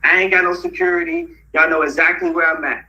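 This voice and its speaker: A man's voice: a little high, fairly even intonation, fast, bright, forceful tone, recorded from a distance, muffled recording, a little hiss or hum. A man talking as an interview guest, rambling through a story and laughing often. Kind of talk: casual rambling talk.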